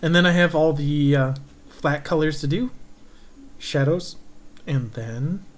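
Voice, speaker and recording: A man who is a cartoonist, chatting casually while he inks a drawing on stream and trailing off into low-key asides to himself. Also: measured pace. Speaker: cartoonist streaming his inking.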